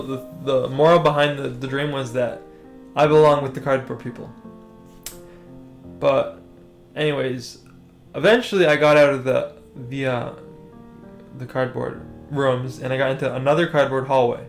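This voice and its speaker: Rambling young man, soft guitar behind. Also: fairly high pitch. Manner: hesitant, full of "like" and "anyways". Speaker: storytime vlogger. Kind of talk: rambling casual storytelling.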